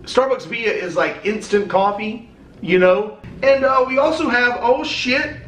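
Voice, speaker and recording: A man's voice: very high voice, a little slow, fairly bright tone, slight background noise. A man opening fan mail on a casual vlog, chatty and rambling, swearing now and then. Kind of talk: casual chat. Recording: echoey room.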